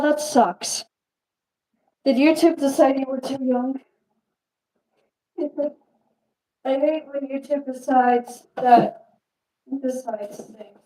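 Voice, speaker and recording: A young woman with a high, mellow voice chats slowly and loosely through a live-stream Q&A. She rambles from thought to thought and laughs often as she answers. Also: rough recording.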